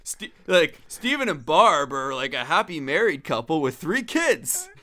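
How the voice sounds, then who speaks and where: A young man co-hosting a comedy chat, joking loosely and slipping into loud impressions. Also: a little high, unhurried. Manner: animated, jumps into shouted impressions, laughs a lot. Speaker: podcast co-host.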